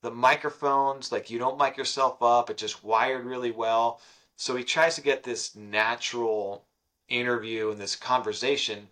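Easygoing man, mid-pitched, rambling. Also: steady tone, moderate pace, bright, forceful tone. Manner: easygoing, talks in loose run-on thoughts. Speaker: podcast co-host. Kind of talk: casual chat.

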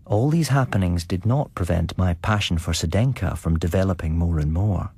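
A man giving a scripted, measured narration of a gothic tale. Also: low-pitched, darkish tone, breathy edge, no room sound.

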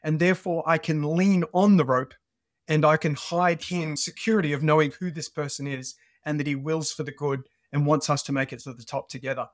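A man with an Australian accent, a podcast guest who tells stories in an animated conversational way. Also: a little high, brisk, no room sound, clean studio sound. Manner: animated storyteller. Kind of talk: conversational interview.

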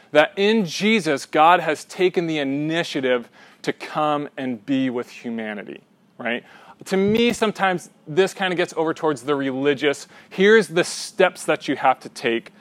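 A young man leads a class discussion in a slightly high voice. He is animated and often checks in with "right?" His voice is recorded close and dry. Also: unhurried, dry recording. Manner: restarts mid-sentence. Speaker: class leader. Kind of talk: teaching discussion.

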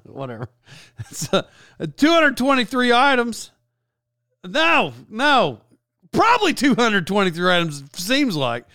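Rambling high-voiced man, close and dry. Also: clear, resonant tone, dry recording. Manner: rambling, animated, with many restarts and side notes. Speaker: YouTuber. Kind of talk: casual storytelling vlog.

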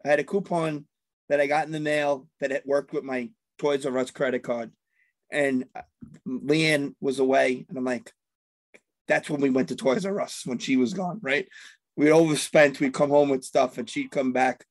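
A man telling a story to friends in casual chat, animated and acting out loud outbursts. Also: mid-range voice, normal speed, no echo.

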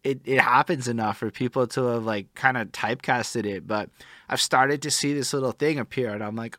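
A man's voice: medium pitch, fairly even intonation, a little fast, pushed and bright, no echo, studio quality. A man from Montreal with an English-speaking Montreal accent, co-hosting a casual podcast and explaining his point earnestly with frequent restarts and casual swearing. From Montreal, Canada.

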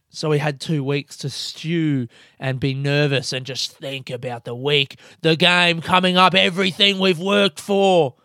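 A young man hosting a podcast in casual, rambling chat, swearing freely and getting excitable. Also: fairly high pitch, clean tone, dry recording, studio quality. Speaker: podcast host.

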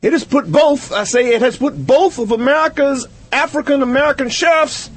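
A man putting on a shrill, indignant activist. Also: moderate pace. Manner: declaiming, indignant. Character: indignant male activist preacher.

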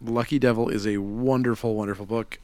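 A man's voice: medium pitch, fairly even intonation, a little fast, darkish tone, no room sound. A man with a Chicago accent, hosting a casual chat and reading through new comic releases with frequent laughs. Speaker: comic shop podcast host.

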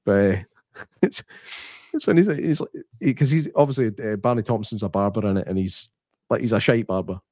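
A man's voice: lowish voice, brisk, no echo, studio quality. A Scottish man co-hosting a podcast, swearing freely and acting out quotes as he tells stories in casual chat. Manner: sweary, animated storyteller who acts out quotes. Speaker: podcast co-host.

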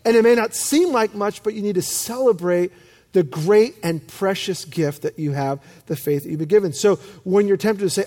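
A man preaching a sermon as pastor, telling stories with self-deprecating humor and lively emphasis. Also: high voice, normal speed.

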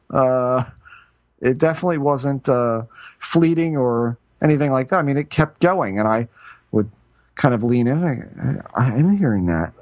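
A man's voice: medium pitch, darkish tone, no room sound. A middle-aged man, a podcast co-host, chatting casually and telling a story in a rambling way, often stopping to restart his sentences. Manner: rambling, self-interrupting storyteller with frequent restarts. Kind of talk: casual chat.

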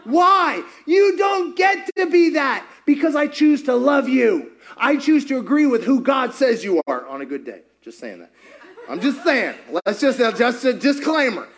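A man preaching a sermon as pastor, animated and playful, firing questions at the congregation and acting out voices. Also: extremely high pitch, measured pace. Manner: animated, asks the crowd many questions; playful, acts out quoted voices.

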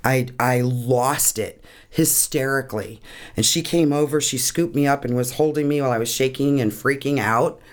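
A woman recounts a deeply personal experience in an interview, speaking earnestly. Her voice wavers with emotion, close to tears, and laughter often breaks through. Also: moderate pace. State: tearing up. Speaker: guest.

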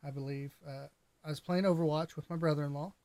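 A fairly high-pitched young man chatting on a podcast, spinning animated anecdotes with frequent laughter. The recording is close and dry, with no room sound. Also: quick pace, dry recording. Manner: animated storyteller, laughs often. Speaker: podcast co-host. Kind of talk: casual podcast chat.

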